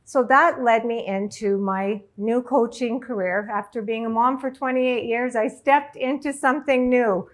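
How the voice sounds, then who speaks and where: A middle-aged woman, a life coach, telling a personal story to an audience in an emotional, halting way. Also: fairly high pitch, fairly even intonation. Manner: emotional, halting, tearful at times.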